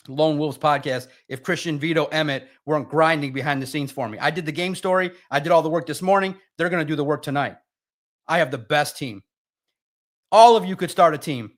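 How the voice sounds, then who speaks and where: A man's voice: fairly high pitch, a bit bright. A man hosting a live sports podcast, ranting bluntly and emotionally about a team's loss while reading viewer comments.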